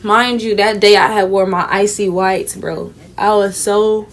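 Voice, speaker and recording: Animated young woman telling a storytime. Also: mid-range voice, measured pace. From Houston, Texas. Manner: animated storyteller, swears freely, acts out the people in her story. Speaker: vlogger. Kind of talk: casual storytime while taking down braids.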